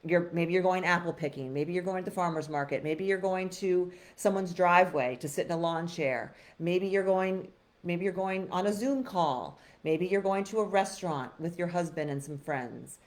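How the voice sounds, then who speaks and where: A woman's voice: on the low side, normal speed. Chatty woman giving frank advice. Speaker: host. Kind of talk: casual live-stream advice talk.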